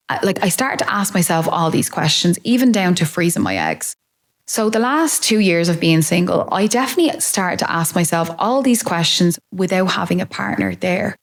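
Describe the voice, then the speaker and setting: Candid, reflective woman in her thirties. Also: on the low side. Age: 30s. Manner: open, reflective, confiding. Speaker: podcast host. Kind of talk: candid personal monologue.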